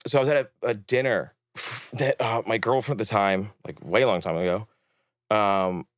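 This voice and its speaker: A man, a filmmaker guest on a podcast, telling stories in lively casual chat, acting out other people's lines and swearing freely. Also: lowish voice, moderate pace, dry recording, studio quality. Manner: animated storyteller who acts out others' lines, swears casually.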